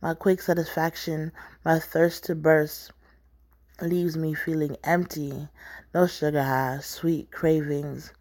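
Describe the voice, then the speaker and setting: A woman's voice: low-pitched, little pitch movement, slow, darkish tone. A woman, the author, reading her own book aloud in an intense, poetic, rhythmic spoken-word style.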